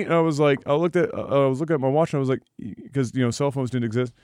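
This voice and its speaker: A man co-hosting a podcast, telling a profane, animated story full of laughter in casual talk. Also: medium pitch, very fast, few pauses, clear, resonant tone, no room sound, clean studio sound. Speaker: podcast co-host.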